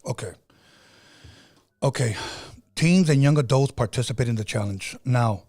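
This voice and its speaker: A man's voice: mid-range voice, normal speed, long pauses, a little mellow. A middle-aged man hosting a podcast, telling stories in a casual, conversational way with frequent fillers and restarts. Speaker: podcast host.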